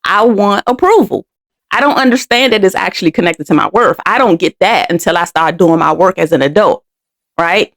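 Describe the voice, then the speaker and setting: A woman's voice: on the low side, normal speed. A middle-aged woman from Washington DC hosting a podcast, telling a personal story candidly and with emotion, often restarting and repeating words. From Washington DC, United States. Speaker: podcast host.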